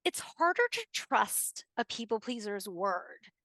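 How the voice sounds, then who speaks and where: A woman's voice: medium pitch, very animated, a little slow, sharp tone, no room sound. A woman guest life coach chatting casually and agreeably on a podcast.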